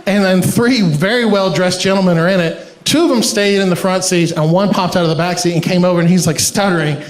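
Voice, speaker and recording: High-voiced man telling stand-up stories. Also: fairly quick. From Iran. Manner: animated storyteller, laughs through his own punchlines. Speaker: stand-up comedian. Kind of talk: stand-up comedy set. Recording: echoey live comedy venue.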